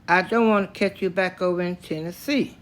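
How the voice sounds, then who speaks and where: A man's voice: sits high, brisk, a bit bright. Older man voicing a menacing Southern lawman. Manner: curt, menacing commands. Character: stern, threatening white Southern lawman, grown man.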